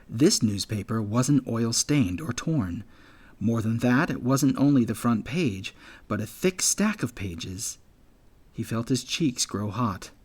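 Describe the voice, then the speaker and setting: Male audiobook narrator, measured delivery. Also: medium pitch, a little mellow. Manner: measured storytelling, voicing all characters. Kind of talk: scripted narration.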